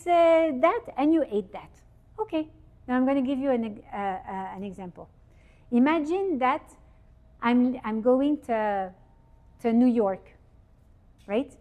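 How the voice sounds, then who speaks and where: Woman speaker, fairly high voice, animated religious teaching, quizzes the audience. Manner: lively, asks the audience questions. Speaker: speaker giving a Torah talk. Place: event hall with audience.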